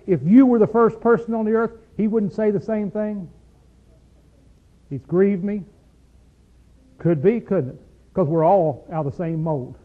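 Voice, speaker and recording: A man preaching a sermon in a folksy, emphatic way with a Southern US accent, often asking his listeners questions. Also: high voice. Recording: tinny phone-like recording.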